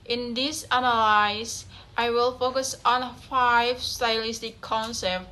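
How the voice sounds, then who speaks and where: A woman's voice: fairly high pitch, steady tone, takes it slowly, bright, forceful tone. A young woman, reading a class presentation aloud, carefully, with small slips and self-corrections. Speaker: student presenter.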